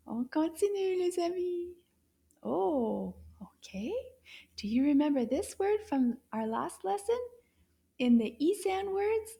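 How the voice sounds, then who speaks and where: Slow sing-song woman teaching kids. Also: high-pitched, expressive. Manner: slow, sing-song and encouraging, with hushed asides. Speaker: French teacher. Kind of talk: children's language lesson.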